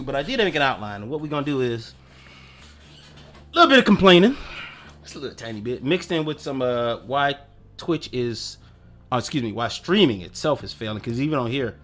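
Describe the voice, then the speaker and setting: A male streamer chats casually on his live stream, his pitch bouncing up and down as he rambles. He swears now and then and mutters to himself while he clicks through his setup. Faint music and keyboard typing sit behind him. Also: a bit bright. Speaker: streamer hosting his own channel.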